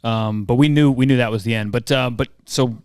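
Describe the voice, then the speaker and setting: A man's voice: mid-range voice, brisk, clear, resonant tone, no echo, clean studio sound. A man in his forties, a former mascot performer, telling stories as a podcast guest and acting out the dialogue he quotes. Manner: animated storyteller who acts out quoted dialogue. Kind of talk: casual interview storytelling.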